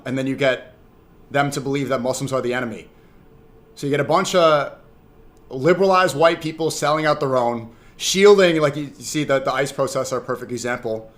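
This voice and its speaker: A man's voice: medium pitch, brisk. A young man streaming, reacting to clips and chatting casually with his viewers in a rambling way. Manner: rambling, talks to chat.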